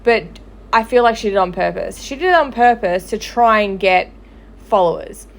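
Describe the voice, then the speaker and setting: A woman's voice: mid-range voice, lively intonation, normal speed, gravelly. A woman who hosts a gossip page, ranting angrily and swearing on a livestream. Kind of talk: livestream commentary.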